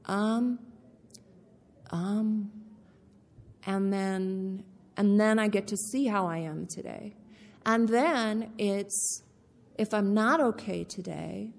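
A woman tells her own story at an unhurried pace, plain and candid, and she repeats her key points for weight. Her mid-pitched voice carries a long reverb from a big meeting hall. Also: darkish tone. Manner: candid, repeats key phrases, slow deliberate delivery. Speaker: speaker sharing her recovery story. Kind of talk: personal testimony talk.

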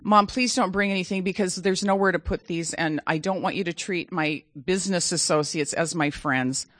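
A woman voicing her grown son, a famous performer who sounds flat and dismissive. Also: fairly low pitch, normal speed, no room sound, lightly acted. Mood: exasperated.

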